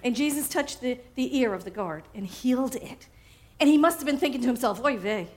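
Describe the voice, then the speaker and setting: A woman minister preaching a sermon, animated and often laughing, repeating phrases for emphasis. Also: high voice, fairly quick, a little hiss or hum. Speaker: spiritual minister.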